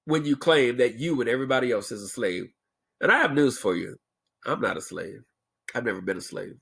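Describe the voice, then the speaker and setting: A man's voice: lowish voice, vocal fry, a bit bright, breathy edge. A man delivering a blunt, emphatic opinion rant as a vlogger, lecturing his viewers.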